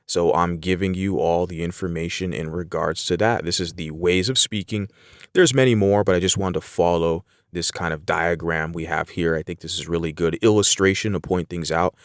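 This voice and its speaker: Male English teacher, very low smooth voice, dry close recording, relaxed explainer. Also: normal speed, no echo. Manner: relaxed, explains with everyday examples, frequent fillers. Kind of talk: casual spoken lesson.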